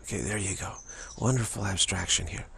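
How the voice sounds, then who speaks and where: A man giving a spiritual practice talk, halting and musing, with frequent restarts and repeated phrases. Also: low voice, gravelly, bright, forceful tone, slight background noise. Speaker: spiritual teacher.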